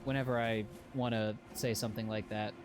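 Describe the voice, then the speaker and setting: A man giving casual live commentary while playing a video game. He swears freely and yelps and shouts at what happens on screen. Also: lowish voice, steady tone, fairly quick. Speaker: game streamer. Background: game music.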